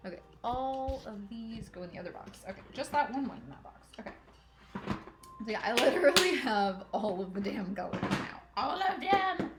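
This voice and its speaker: A woman hosts a crafting livestream from home, sorting thread, giggling, and chatting casually to herself and her cat as she works. Her voice is on the high side, expressive, at normal speed. The room is echoey, with faint music in the background.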